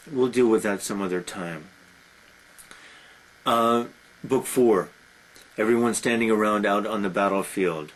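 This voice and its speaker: A man teaching a class and retelling an ancient epic in a relaxed, conversational way with many filler sounds. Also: lowish voice, rough recording. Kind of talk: classroom lecture retelling a story.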